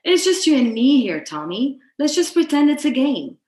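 A gentle, coaxing girl who walks her little brother through calming exercises, as a woman reads her part in a storybook. She is patient and cheerful, with a lifted, brighter tone. The room around her rings a little, with a faint hiss underneath. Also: sits high, normal speed, echoey room, pitched above the performer's own voice.

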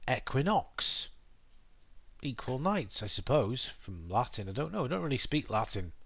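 A British man talks into a computer mic at his desk at home. His voice sits in a middling register, and the sound is dry and close with no room echo. He rambles casually, pausing on fillers and asides. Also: mid-range voice, fairly bright tone. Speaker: podcast host. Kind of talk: casual monologue explaining English words.

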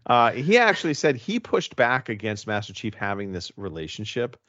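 A man's voice: medium pitch, sing-song, normal speed, a bit bright, highs cut off. A man co-hosting a casual podcast chat, rambling with many restarts and the odd swear word. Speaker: podcast co-host.

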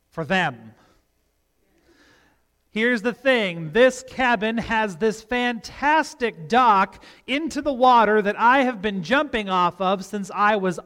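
A high, light male voice preaching from the pulpit, his words trailing into the long reverb of a church sanctuary. He reads scripture and tells stories in an animated way, lifting his pitch for the people he quotes. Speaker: pastor. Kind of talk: sermon with scripture reading.

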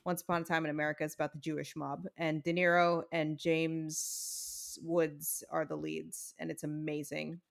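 A woman's voice: sits low, flat delivery, normal speed, vocal fry, hardly any pauses. A young adult woman co-hosting a casual chat, explaining things at length in a blunt way and swearing casually.

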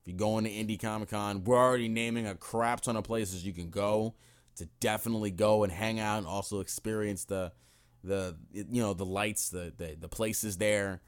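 A man's voice: lowish voice, fairly even intonation, moderate pace, clear, resonant tone. A young man hosting a podcast, chatting casually in a laid-back, slangy way with some swearing. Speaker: podcast co-host.

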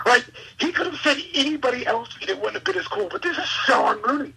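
A man, a wrestler and podcast guest, telling an excitable, rambling story in casual interview chat. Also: extremely high pitch, gravelly, slightly rough, poor audio. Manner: excitable, rambling, quick asides.

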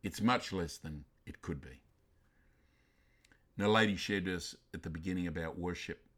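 A male pastor preaching a sermon emphatically, swinging from loud bursts down to quiet, intense lines. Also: sits low, moderate pace.

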